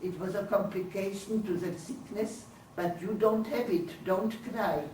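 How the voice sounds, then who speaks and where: An older woman quoting a calm male doctor, in a soothing, matter-of-fact manner. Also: mid-range voice, a little slow, roomy sound, distant mic, slight background noise, lightly acted, low-quality recording. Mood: reassuring.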